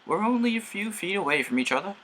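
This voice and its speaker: A man's voice: sits high, big pitch swings, quick pace, a bit bright, pitched above the performer's own voice, exaggerated voice. A man voicing a cautious, fussy old male steam engine in a fan-made story. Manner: cautious, scolding.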